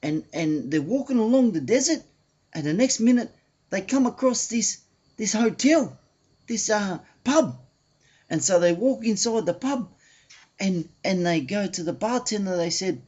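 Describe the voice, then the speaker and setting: A man telling a joke in a halting, animated way with many restarts, in a dull lo-fi home recording. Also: high voice, breathy edge. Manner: animated, halting, full of restarts and changing voices. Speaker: joke teller.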